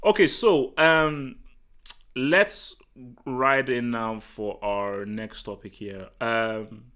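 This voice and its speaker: A man from Nigeria hosting a live football talk stream, chatting casually and answering the chat in an excitable, rambling way full of restarts. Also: medium pitch, drawn-out words, smooth. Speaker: football talk show host. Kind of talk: casual livestream commentary, reading the chat.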